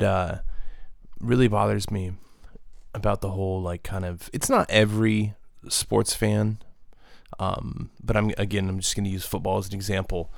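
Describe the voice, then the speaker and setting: A man's voice: lowish voice, vocal fry, darkish tone, dry recording, clean studio sound. A man hosting a solo podcast, ranting in a profane, exasperated way with lots of restarts. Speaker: podcast host. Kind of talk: solo comedic rant.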